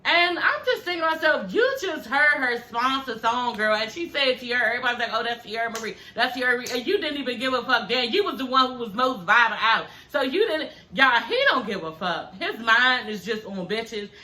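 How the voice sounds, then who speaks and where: A woman doing an animated, profane, laughing recap of a reality show in casual chat. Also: on the high side, normal speed, few pauses, reverberant, slight background noise. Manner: animated, cussing, laughing often.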